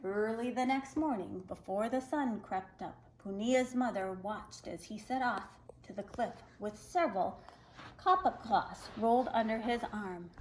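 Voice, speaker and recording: A woman reading a folktale aloud to children, expressive and animated. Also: on the high side, measured pace, a little hiss or hum, low-quality recording. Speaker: children's storyteller.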